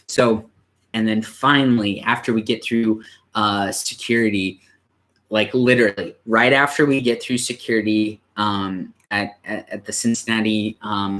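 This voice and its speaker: A young man, a church youth pastor, telling a personal story in a casual, halting way, with many restarts and moments where he grows emotional. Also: on the low side, a bit bright. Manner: emotional, near tears at times.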